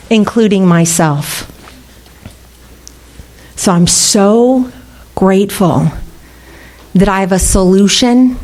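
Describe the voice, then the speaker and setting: A woman's voice: mid-range voice, darkish tone. Candid woman telling her recovery story. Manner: candid, laughing, swearing freely. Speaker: recovery meeting speaker. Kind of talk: personal recovery talk. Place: meeting room.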